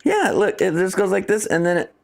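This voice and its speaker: A man's voice: high voice, very animated, a little fast, creaky, darkish tone. A man from the United States co-hosting a casual chat while unboxing fan mail, easygoing and laughing often. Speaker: podcast co-host.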